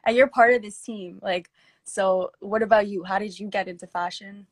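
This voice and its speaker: A young woman co-hosting a podcast in easy, rambling chat, sprinkling "like" through her sentences. Her voice sits at an ordinary middle pitch. The recording is close and dry, with no room around it. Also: fairly even intonation, normal speed, no room sound. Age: young adult. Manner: chatty, lots of "like" fillers. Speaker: podcast co-host. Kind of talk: casual chat.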